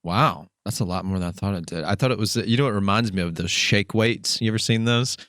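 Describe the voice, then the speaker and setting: A man's voice: on the low side, brisk, a bit bright, dry recording, studio quality. A man hosting a podcast interview in a chatty, joking way, laughing at his own quips. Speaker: podcast host. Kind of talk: casual interview.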